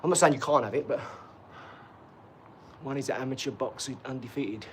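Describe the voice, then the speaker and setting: A man's voice: medium pitch, fairly quick, slight background noise. A man, hosting a live stream, chatting in a rambling, boastful way, laughing at himself and sliding into boxing tips. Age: 40s. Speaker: channel host.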